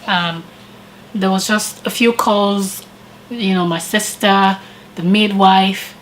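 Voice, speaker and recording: A woman vlogger casually telling a personal story with animated retellings and frequent laughter. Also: medium pitch, slow pace, slight background noise, poor audio. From living in Canada.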